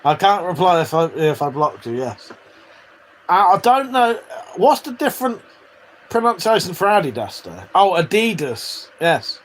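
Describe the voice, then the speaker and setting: A man's voice: sits high, lively intonation, moderate pace, a little hiss or hum. A man hosting a livestream, reading out chat messages in a casual, joking way, swearing freely and laughing often. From Britain.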